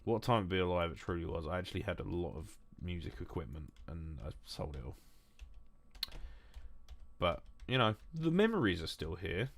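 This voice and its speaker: Deep-voiced bloke rambling on stream. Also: male voice, lively intonation, moderate pace, vocal fry. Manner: rambling, swearing, self-mocking. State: drinking whiskey. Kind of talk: casual live-stream chat.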